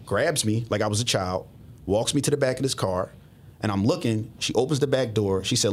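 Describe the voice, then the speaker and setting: A man, a former police officer, telling his story as a guest in a casual, profane, animated way. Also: lowish voice, brisk. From Southwest Philadelphia. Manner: profane, animated retelling with acted-out dialogue.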